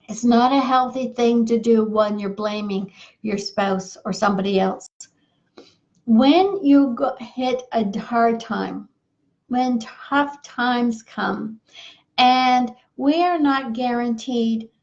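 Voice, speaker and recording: Earnest woman marriage coach, dull recording. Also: on the high side. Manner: repetitive, earnest, folksy. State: losing her voice. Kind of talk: advice monologue.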